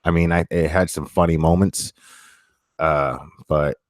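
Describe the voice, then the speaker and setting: A man hosting a casual live chat, talking in halting bursts full of restarts, and swearing bluntly. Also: rumbling low, steady tone, no echo, studio quality. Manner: halting, many restarts and fillers. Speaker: streamer reading chat.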